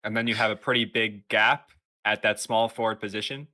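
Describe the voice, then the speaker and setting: A young man co-hosting a casual podcast, giving a measured breakdown of a basketball question. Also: fairly low pitch, steady tone, sharp tone. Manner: measured sports analysis. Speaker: podcast co-host. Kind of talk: casual chat.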